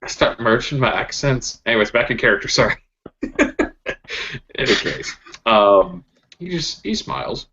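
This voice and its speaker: A man's voice: medium pitch, lively intonation, moderate pace, long pauses, bright, forceful tone. A man narrating a tabletop role-play as game master, laughing often and talking with many fillers. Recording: dull lo-fi mic with faint noise.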